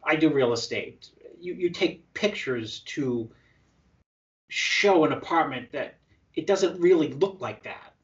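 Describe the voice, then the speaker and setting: An excitable man speaking in a raised pitch, tumbling through stories with frequent restarts. He sits away from the mic, and the audio is dull and lo-fi. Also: takes it slowly, recorded from a distance. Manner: animated, excitable storyteller with restarts. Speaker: prep coach. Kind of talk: casual interview chat.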